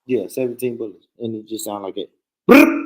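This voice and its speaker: A man's voice: lowish voice, steady tone, fast talker, warm tone, low-quality recording. A man hosting a podcast in casual chat, loose and joking, swearing and laughing often.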